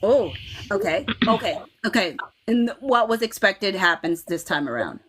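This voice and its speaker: A woman hosting a casual fan livestream, talking in an animated way with frequent laughs and restarts. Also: mid-range voice, a little slow, husky. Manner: animated, laughs often, many restarts and okays. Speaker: livestream host.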